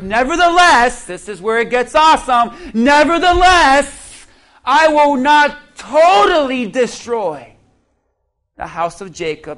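High-voiced pastor preaching slowly. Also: male voice, a bit bright. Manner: preaching with call-and-response and humor. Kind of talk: sermon. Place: church sanctuary.

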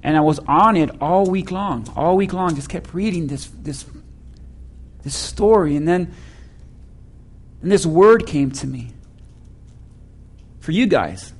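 A man's voice: expressive, takes it slowly, long pauses, breathy edge. A man preaching a sermon, emphatic and calling on the congregation to repeat lines back to him. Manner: hushed, low prayer. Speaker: pastor.

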